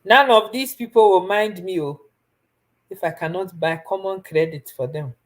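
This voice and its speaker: A young Ghanaian woman on a live stream earnestly advises her viewers in casual talk, her tone pleading as she switches between Twi and English. Her voice is lowish and she speaks at normal speed.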